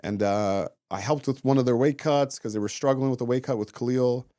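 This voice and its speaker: A man in his thirties, a former fighter turned comedian, chatting as a guest and telling animated stories full of swearing and acted-out quotes. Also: mid-range voice, fairly quick, no echo, clean studio sound. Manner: animated storytelling, acts out quotes, swears often. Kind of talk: casual interview chat.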